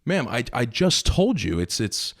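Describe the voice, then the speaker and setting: A man's voice: medium pitch, very animated, unhurried, fairly bright tone. A man voicing a polite, weary grocery clerk in a told joke. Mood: patient. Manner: polite, then exasperated. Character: patient grocery clerk who loses his temper.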